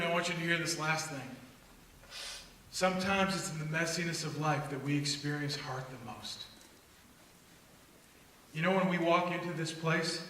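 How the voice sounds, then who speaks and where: High bright man telling stories in an echoey hall. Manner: lively storyteller acting out family dialogue. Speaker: speaker at a church youth gathering. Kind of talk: storytelling sermon. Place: church hall. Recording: echoey hall from far off, faint noise.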